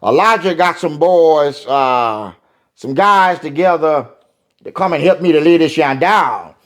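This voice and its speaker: An older man, chatting in an interview about his music. His speech rambles with fillers and repeats, in a voice set a bit high for a man. The pitch swings widely up and down as he talks. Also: expressive, measured pace, fairly bright tone. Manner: rambling, folksy, many fillers. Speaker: singer.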